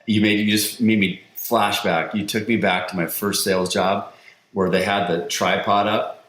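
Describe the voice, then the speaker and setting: A man who works as a sales coach, talking as a podcast guest in a lively storytelling way and acting out the quotes he tells. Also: on the low side, moderate pace. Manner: energetic storyteller, acts out quotes. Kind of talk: conversational interview. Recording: roomy echo.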